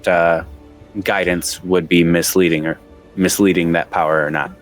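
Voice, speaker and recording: A man narrating as game master in a tabletop game, lively and quick to laugh. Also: deep voice, soft background music.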